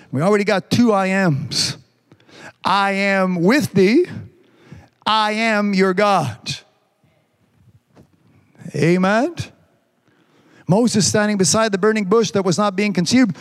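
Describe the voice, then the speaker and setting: A man preaching a sermon, reading scripture slowly and stretching the words, with frequent amens. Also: sits high, long reverb tail. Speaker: pastor.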